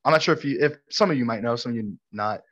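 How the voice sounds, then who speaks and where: Heard on dull-sounding audio, a man with a medium-pitched, slightly bright voice speaks quickly. He's a Brooklyn, New York native co-hosting a podcast, casually telling a story between friends and laughing often.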